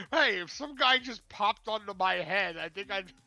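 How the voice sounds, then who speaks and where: A man's voice: high-pitched, lively intonation, measured pace, vocal fry, bright, forceful tone, faint music behind. A man playing a tabletop game who throws in joking quips. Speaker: player.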